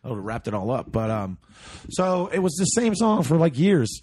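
A man co-hosting a podcast, telling a barroom story in casual chat, loud and laughing, swearing often. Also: on the high side, very animated, normal speed. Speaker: podcast co-host.

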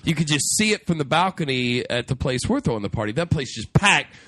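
A man's voice: on the high side, expressive, fairly quick, bright, forceful tone, dry recording, studio quality. A man co-hosting a podcast in casual chat, teasing his friends and telling a story. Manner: teasing, wisecracking. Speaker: podcast co-host.

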